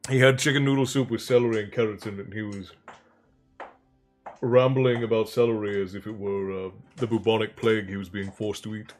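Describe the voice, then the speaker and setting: A man's voice: lowish voice, fairly even intonation, fairly quick, soft background music. A man hosting a livestream, chatting in a rambling, friendly way with viewers between stretches of reading aloud. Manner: rambling, chatty, greets viewers warmly by name. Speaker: livestream storyteller and host. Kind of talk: casual livestream chat and book reading.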